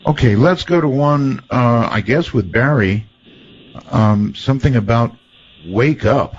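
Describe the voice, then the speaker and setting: A man's voice: medium pitch, unhurried, slightly rough. A man co-hosting a radio talk show, steering the chat with wry questions. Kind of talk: casual on-air conversation. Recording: dull, lo-fi line with faint hiss.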